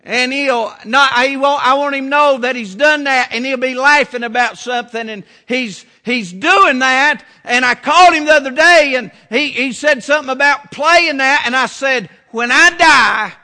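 High-pitched, bright-voiced preacher man. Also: normal speed, hardly any pauses. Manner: folksy, down-home preaching with repeated phrases. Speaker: pastor. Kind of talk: sermon.

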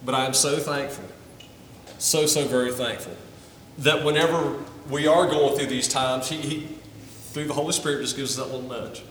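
A man's voice: medium pitch, moderate pace, a bit bright, slight background noise. A man preaching a sermon to his congregation, earnest and often repeating his first words as he starts a thought. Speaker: pastor. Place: church sanctuary. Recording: roomy hall, from a distance.

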